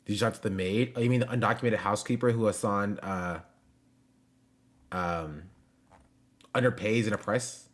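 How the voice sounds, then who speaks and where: A young man talks to his stream chat from home in a low, easy voice. He jokes around, tosses in slang, and drifts between topics with plenty of fillers. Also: normal speed, long pauses. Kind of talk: casual live-stream chat.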